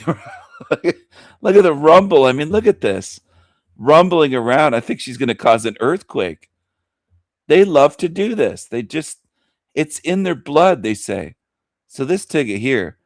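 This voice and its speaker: A man's voice: fairly low pitch, dry recording, studio quality. A man hosting a show, giving mocking commentary in a sneering, ranting way that repeats itself. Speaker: host.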